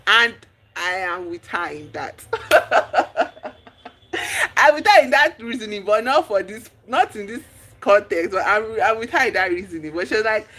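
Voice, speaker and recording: A streamer, recapping a movie in casual chat, telling the story with lively exclamations and acting out the characters' lines. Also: medium pitch, measured pace, long pauses. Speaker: livestream host.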